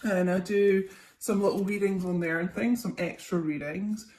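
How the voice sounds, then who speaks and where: A woman's voice: medium pitch, steady tone, moderate pace, darkish tone. A young woman, a tarot reader, chatting casually through a psychic reading with lots of ums and okays. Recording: echoey room, faint noise.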